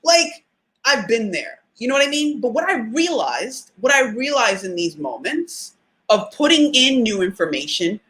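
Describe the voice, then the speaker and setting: A woman hosting a casual live talk for listeners, chatty and animated, laughing often and using fillers. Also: a little high, moderate pace. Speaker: podcast host.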